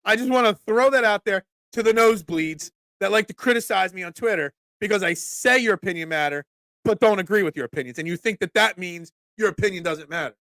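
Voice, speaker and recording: A man in his forties, congested, hosts a casual sports talk stream in a high, bright voice that cracks at times. He speaks briskly and rambles while answering chat, recorded on a dry, close mic with no echo.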